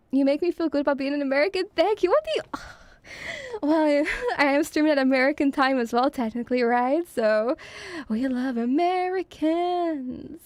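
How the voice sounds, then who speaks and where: A woman's voice: sits high, darkish tone, no echo. A woman streaming as a VTuber, chatting casually and reading viewer messages in a flirty, teasing, giggly way.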